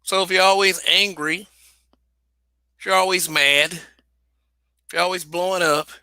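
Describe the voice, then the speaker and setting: A man's voice: high voice, steady tone, measured pace, bright, forceful tone, no echo. A man hosting a livestream, talking casually and bluntly, swearing, restarting sentences and repeating phrases for emphasis. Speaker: livestream host.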